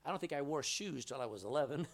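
Quick and lively in intonation, this fairly high-pitched middle-aged pastor preaches through storytelling. When he quotes someone, he acts it out with a shift of voice.

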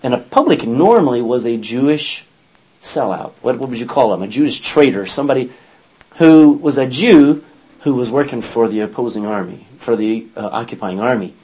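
A man's voice: mid-range voice, lively intonation, normal speed, a little mellow, poor audio. A man teaching a Bible study, asking his listeners questions and acting out scripture quotes in character voices.

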